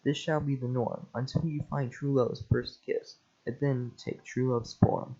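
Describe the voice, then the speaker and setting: A man's voice: mid-range voice, little pitch movement, a little slow, vocal fry, mellow, slightly rough. Earnest young princess read by a man, flustered, plain mid voice, lo-fi mic. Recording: lo-fi home mic.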